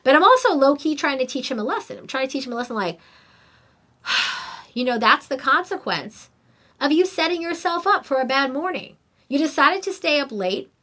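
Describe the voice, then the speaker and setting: Animated, fairly high-voiced woman host. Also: moderate pace. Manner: animated, emphatic and conversational. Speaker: podcast host. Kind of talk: casual storytelling monologue.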